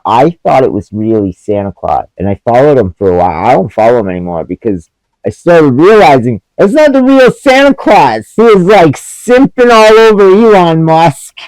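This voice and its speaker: Man, comic reviewer; profane, sarcastic rant, slightly high voice, dry close sound. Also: no echo, poor audio. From Canada. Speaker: movie reviewer.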